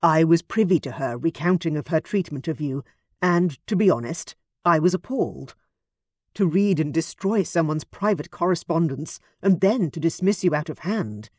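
A woman's voice: low voice, lively intonation, normal speed, a little mellow, breathy edge, no room sound, studio quality. A woman voicing a timid, chinless young male aristocrat who speaks politely and apologetically. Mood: apologetic.

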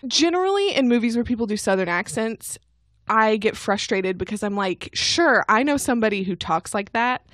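Brief: lively woman from Kentucky, higher voice, casual podcast co-host, dry close mic. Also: fairly quick, no echo. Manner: animated, laughs often. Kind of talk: casual movie chat.

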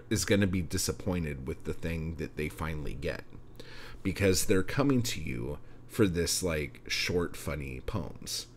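A man's voice: deep voice, a little mellow, a little hiss or hum. A man hosting his own podcast, talking casually and bluntly to listeners, swearing often and cheering them on. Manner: profane, blunt, encouraging. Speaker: podcast host. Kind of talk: casual solo podcast chat.

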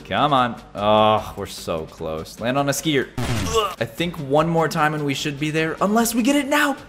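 A young man hosting a gaming video, giving excited play-by-play commentary that jumps into shrieks and yells. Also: mid-range voice, unhurried, faint music behind.

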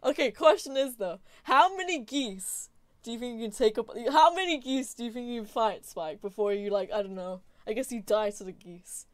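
A young woman with a fairly high voice chats loosely on a live stream, laughing often as she reads and answers her viewers. She is close to the mic in a dry room with no echo. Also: lively intonation, normal speed. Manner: giggly, laughs often, chatty, reacts to chat. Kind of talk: casual live-stream chat while gaming.

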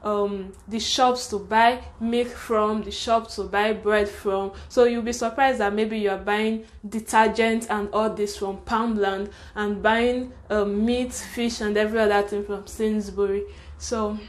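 A young Nigerian woman with a Nigerian accent, talking fast and frankly in a casual storytime vlog, giving advice. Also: medium pitch, fairly even intonation. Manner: chatty, fast, frank, with frequent laughter and "sha". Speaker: vlogger.

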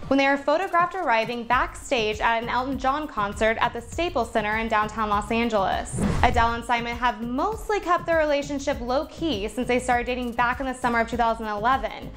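A woman's voice: on the high side, brisk, hardly any pauses, a bit bright, soft background music. A woman reporting entertainment news in a scripted, upbeat read.

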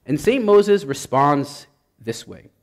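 A man's voice: on the high side, expressive, slow. A male priest preaching a sermon with passion, repeating his points for emphasis until he gets worked up. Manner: impassioned, builds to emphatic repetition.

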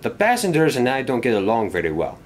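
A man's voice: medium pitch, huge pitch swings, slight background noise. A man voicing a grumpy, scheming male engine who grumbles and sulks, in a storybook tale. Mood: cross. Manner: grumbling and cross, with drawn-out complaints. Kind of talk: storybook character voice.

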